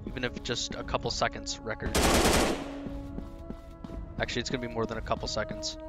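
A young man giving live commentary on his own speedrun, boastful and joking, with sudden loud outbursts. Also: medium pitch, level tone, a little fast, loud music behind the voice.

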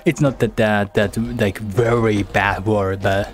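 A man chatting casually on a livestream, halting and repeating words as he teases his chat playfully. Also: on the low side, fairly even intonation, faint music behind. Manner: playful teasing.

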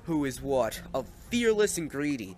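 A man's voice: mid-range voice, sing-song, moderate pace, darkish tone, faint music behind. Playful man scolding game villagers. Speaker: gameplay commentator. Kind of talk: casual gameplay commentary.

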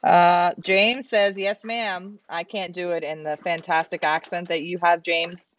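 A woman's voice: fairly low pitch, steady tone, unhurried, muffled recording. A woman from Canada hosting a livestream, chatting and reading out viewer comments. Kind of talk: casual livestream chat.

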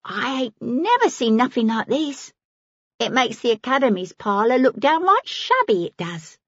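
A woman's voice: on the high side, very animated, a bit bright, dry recording, muffled recording, pitched above the performer's own voice. A woman narrator voicing a frightened, cheeky young street girl with brash slang, in an audiobook. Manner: brash, quick, working-class slang.

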